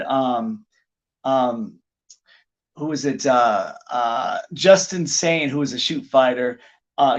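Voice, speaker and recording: A middle-aged man, a pro wrestler guest on a podcast, telling anecdotes in an animated, casual way with lots of "like" fillers. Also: medium pitch, lo-fi sound.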